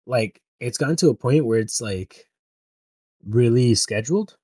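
A young man in relaxed, slangy casual chat. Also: medium pitch, measured pace, breathy edge, no echo, studio quality. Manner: laid-back, slangy.

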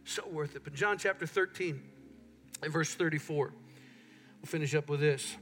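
A man's voice: fairly high pitch, normal speed, soft background music. A middle-aged man preaching a sermon in a church, telling stories and acting out what people say. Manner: animated storytelling, acts out quotes. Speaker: pastor. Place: church sanctuary.

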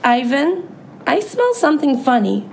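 Casting: a woman playing a timid young elephant girl, high and lifted voice, anxious, breathless. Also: very animated, measured pace, gravelly, darkish tone, a little hiss or hum, exaggerated voice. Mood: curious. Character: young female elephant, frightened and gentle.

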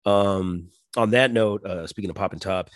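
A man's voice: deep voice, moderate pace, dry recording, clean studio sound. A man in his forties rambling crudely through a casual monologue, swearing constantly and slipping into mimicked voices. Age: 40s. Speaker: podcast host.

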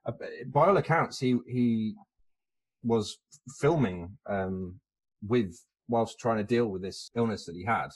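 A man's voice: fairly low pitch, measured pace. A man co-hosting a podcast in casual chat, hesitant and full of fillers and restarts. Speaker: podcast co-host.

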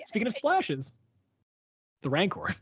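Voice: mid-range voice, huge pitch swings, unhurried, breathy edge. A podcast co-host in casual chat about a book, rambling with many fillers and restarts.

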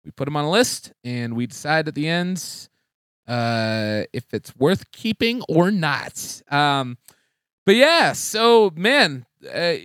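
A young man co-hosting a casual comedy podcast, rambling and excitable, laughing often. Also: fairly high pitch, slow pace, clear, resonant tone, no echo, clean studio sound. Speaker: podcast co-host.

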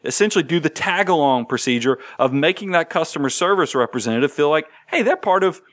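A man's voice: on the high side, quick pace, no echo, studio quality. A man, co-hosting a casual money talk show and animatedly acting out quotes as he tells stories. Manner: animated, storytelling with acted-out quotes. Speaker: podcast co-host.

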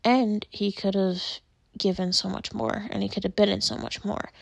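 A woman's voice: medium pitch, little pitch movement, moderate pace, vocal fry, no echo. A young woman chatting casually to her camera, rambling with many filler words and near tears. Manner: rambling, lots of filler likes; emotional, on the verge of tears. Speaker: vlogger.

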